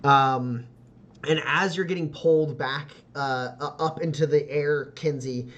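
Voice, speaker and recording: A man's voice: on the high side, steady tone, unhurried, a bit bright, dull audio. A man narrating a tabletop role-playing game as game master, rambling with lots of "like" and "uh" and laughing often.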